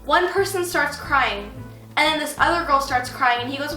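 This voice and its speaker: Teen girl co-host, high and bright, chatty, echoey room. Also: normal speed. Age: teenager. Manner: chatty, short replies, tells stories. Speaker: co-host daughter. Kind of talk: casual reaction chat. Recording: echoey room with music underneath.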